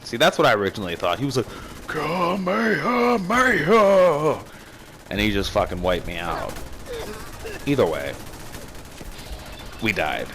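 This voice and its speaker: Deep-voiced swearing gamer man. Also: moderate pace, long pauses, slight background noise. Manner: excitable, swears freely, rambling. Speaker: gaming commentator. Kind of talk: casual gameplay commentary.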